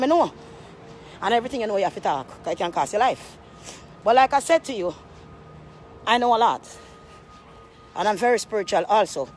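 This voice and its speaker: A woman's voice: medium pitch, slight background noise. A woman, a vlogger telling a rambling story to camera with emphatic, repetitive, preachy asides.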